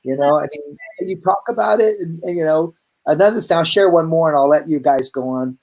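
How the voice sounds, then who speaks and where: Animated man telling a story on a video call. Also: fairly high pitch, fairly quick. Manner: animated storyteller, acts out voices in his anecdotes. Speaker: host, hair educator.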